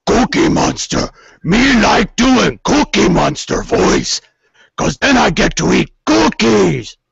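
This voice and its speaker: A man voicing a gruff, cookie-hungry puppet monster who talks in broken childlike grammar with a gravelly, throat-tearing growl. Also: sits high, big pitch swings, takes it slowly, fairly bright tone, dry recording, highs cut off, full character voice. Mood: gleeful. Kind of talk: cartoon voice impression. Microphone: video call.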